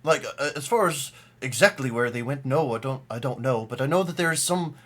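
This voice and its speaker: A man's voice: medium pitch, lively intonation, fairly quick, a bit bright. A man voicing an old, polite male gnome prisoner who stammers and hesitates a lot. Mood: hesitant.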